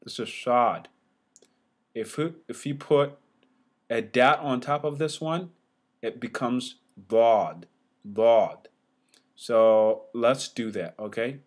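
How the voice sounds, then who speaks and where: Sounding out letters aloud, a male teacher repeats every letter sound several times in a slow, easygoing whiteboard lesson. His pitch sits in the middle, and his talk is repetitive, peppered with fillers and restarts.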